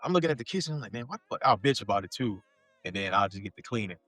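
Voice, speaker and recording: A man's voice: on the low side, racing, no room sound, soft background music. Blunt, cussing podcast host man. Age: adult father. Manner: blunt, swears freely, animated venting. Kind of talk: casual chat.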